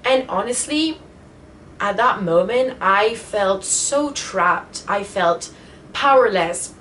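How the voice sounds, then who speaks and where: A woman's voice: medium pitch, lively intonation, slow, a bit bright, a little hiss or hum. Emotional woman telling a vlog story. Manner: emotional retelling, many fillers. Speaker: vlogger.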